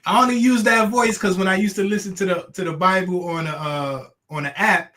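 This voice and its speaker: Animated guy in casual stream chat, bright forceful voice, kinda high. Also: brisk. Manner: animated, laughs often, emphatic.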